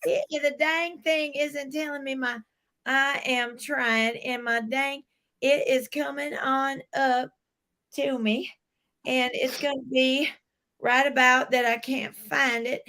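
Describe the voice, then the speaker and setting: A woman's voice: sits high, steady tone, slow, bright, forceful tone, full character voice. A woman playing a gushing Southern country singer with a put-on drawl who calls everyone darling, in an improv sketch. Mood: flustered. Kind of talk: live online improv comedy.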